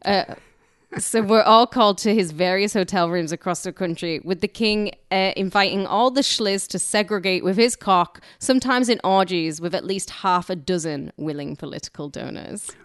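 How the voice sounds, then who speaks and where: A woman's voice: mid-range voice, moderate pace, clean tone, no room sound, studio quality. A woman co-hosting a podcast, telling a history story with irreverent, crude jokes and frequent laughs. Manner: laughs often. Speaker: podcast co-host.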